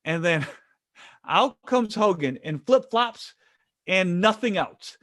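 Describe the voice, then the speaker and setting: A man from the Detroit area telling lively, stammering stories as an interview guest. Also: high voice, slow pace, dry recording, studio quality. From Detroit area, USA. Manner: animated, excited, frequent stammered restarts. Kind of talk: casual storytelling.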